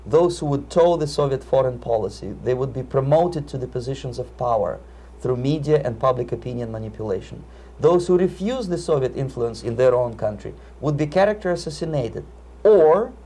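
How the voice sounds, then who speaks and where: A man with a Russian accent answering interview questions in a measured, emphatic way, often repeating words. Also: a little high, warm tone, slightly rough. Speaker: interviewee, Soviet defector. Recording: 1980s video interview.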